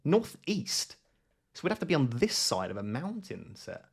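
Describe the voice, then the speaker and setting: A man giving live gameplay commentary, thinking aloud in an excitable, self-questioning way. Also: on the high side, normal speed, breathy edge. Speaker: gaming YouTuber.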